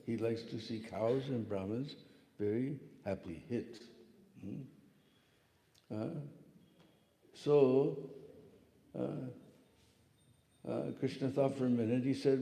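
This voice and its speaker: A man tells a devotional story as a spiritual lecturer, animated and often pausing for a quick "hmm?". His voice is mellow and sits in the middle of the male range. The recording has the long reverb of a big hall. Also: medium pitch. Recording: echoey hall.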